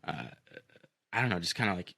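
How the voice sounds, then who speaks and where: Young male podcast host, deep bright voice, rambling profane storyteller. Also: very animated, fairly quick, creaky, dry recording, studio quality. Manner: profane, rambling with many fillers. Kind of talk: casual storytelling chat.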